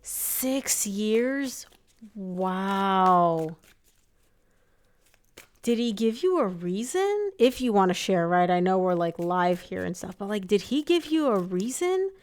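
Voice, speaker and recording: A woman's voice: medium pitch, very animated, slow, darkish tone. A young woman doing a casual live tarot reading, chatty and sympathetic, with lots of "like" and "um". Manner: chatty, empathetic, filler-heavy with frequent "like" and "um". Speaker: tarot reader.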